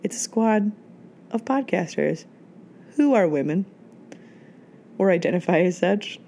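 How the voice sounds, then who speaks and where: A woman's voice: lowish voice, expressive, a little slow, creaky, dark tone. A woman co-hosting a podcast in casual chat, joking and giggling, recorded on a close mic. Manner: jokey, giggly, mock-seductive sign-off. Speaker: podcast co-host.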